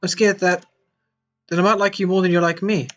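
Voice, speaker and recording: Male performer doing a high, tearful girl's voice for a game reading; slightly dull audio, music low behind. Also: level tone, a little fast, fairly bright tone. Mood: scared. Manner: high, wavering, near tears. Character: cheerful young girl, fragile and tearful.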